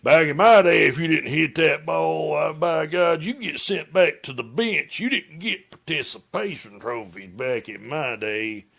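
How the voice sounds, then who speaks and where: A scornful older redneck man with a drawl, put on by a man, griping gruffly and cursing as he complains. He sounds set off a bit from the speaker's usual voice, as if heard from further back. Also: a little high, expressive, unhurried, hardly any pauses, a bit bright, voice pushed up, heavily acted.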